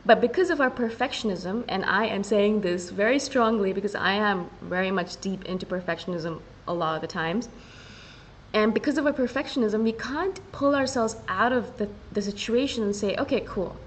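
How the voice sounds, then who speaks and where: A woman hosting a solo podcast, talking in a casual and earnest way and often slowing down to stress her point. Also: mid-range voice, a little hiss or hum, poor audio. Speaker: podcast host.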